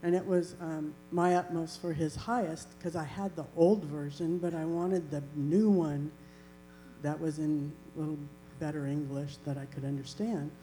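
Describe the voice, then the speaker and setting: A woman's voice: deep voice, fairly even intonation, normal speed, mellow, rough recording. A woman earnestly sharing a personal faith testimony in a reflective way. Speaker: church member giving a testimony. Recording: faint electrical hum.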